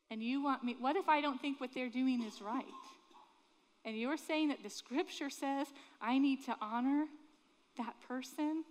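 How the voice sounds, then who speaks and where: A woman from Florida preaching a sermon in an earnest, conversational way, full of rhetorical questions. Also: on the high side. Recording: long reverb of a large hall.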